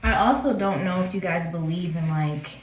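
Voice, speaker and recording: A woman in her twenties tells a personal story in a casual, chatty vlog, peppering it with "like" and other fillers. Her voice is on the low side at a normal speed, recorded in an echoey room with a little hiss or hum.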